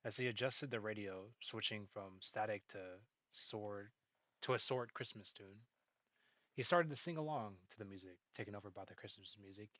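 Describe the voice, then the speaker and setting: A man's voice: lowish voice, moderate pace, pushed and bright, no echo. A man reading a story aloud in a casual way, laughing at his own slips. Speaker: reader. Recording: dull dry recording.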